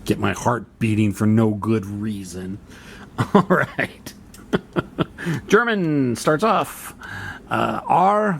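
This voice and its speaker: A man with a gravelly, medium-pitched voice talks very slowly and pauses often while playing a solo board wargame. Muttering, he reads rules aloud and reasons through them turn by turn, with a little hiss or hum audible.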